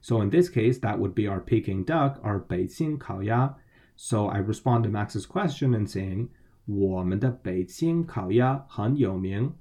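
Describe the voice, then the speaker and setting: A man's voice: on the low side, expressive, a little slow, dark tone. A man co-hosting a language lesson, patiently explaining Mandarin phrases and spelling out each syllable. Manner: patient, spells out pinyin letter by letter. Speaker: language podcast co-host.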